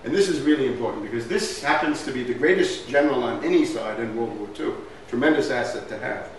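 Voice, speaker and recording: A man's voice: medium pitch, quick pace, a little hiss or hum. A man giving a history lecture over slides in an emphatic way, often asking "right?" as he goes. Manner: emphatic, asks rhetorical questions, says "right?" often. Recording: very echoey room from far off, faint ambience.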